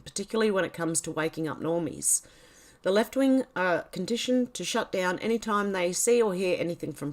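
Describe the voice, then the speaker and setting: A woman with a fairly low voice hosts a casual livestream, reading posts aloud in a halting way. She trips over words and corrects herself, slips in quiet muttered asides, and has a cough that keeps interrupting her. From Australia. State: coughing, clearing throat. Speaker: livestream host.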